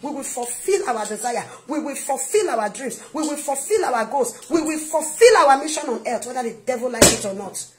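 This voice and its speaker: A Nigerian woman minister delivers an emphatic, repetitive video sermon that moves between quiet asides and loud outbursts. Her voice is high-pitched with lively intonation, a moderate pace and few pauses, over background music.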